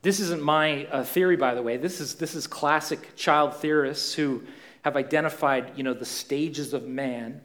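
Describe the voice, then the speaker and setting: A man's voice: a little high, moderate pace, fairly bright tone. A man, a pastor preaching a conversational sermon full of questions to a church congregation.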